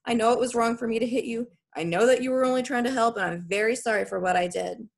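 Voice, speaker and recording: A woman's voice: fairly high pitch, quick pace, gravelly. A woman voicing a scared young boy who apologizes in an earnest, pleading way, read as an audiobook character.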